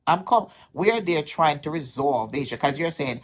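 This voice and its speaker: Aggrieved Jamaican woman vlogger, lower voice. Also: lively intonation, normal speed, hardly any pauses. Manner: aggrieved, insistent, repeats herself. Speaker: social media vlogger. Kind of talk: heated direct-to-camera callout.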